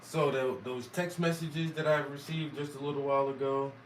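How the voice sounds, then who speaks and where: A man's voice: mid-range voice, flat delivery, normal speed, roomy sound, distant mic, a little hiss or hum, rough recording. A man from South Carolina with a Southern accent, rambling and swearing as he talks casually to his viewers. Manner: rambling, profane, self-amused. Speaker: vlogger and musician. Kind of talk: casual talk to camera.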